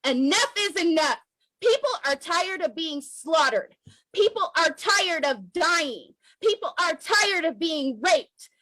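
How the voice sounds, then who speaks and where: An American woman with a very high, bright, cutting voice delivers an impassioned address to camera, emotional and close to tears. She hammers her points home and repeats lines for force. The sound is dry and close, with no room around it. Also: animated, takes it slowly, no echo, poor audio. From United States. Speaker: activist vlogger.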